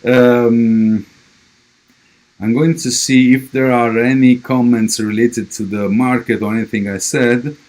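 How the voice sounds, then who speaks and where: A man's voice: mid-range voice, level tone, measured pace, a little mellow. A man with a strong Italian accent, a crypto project representative giving a livestream update and answering viewer questions, with many fillers and restarts.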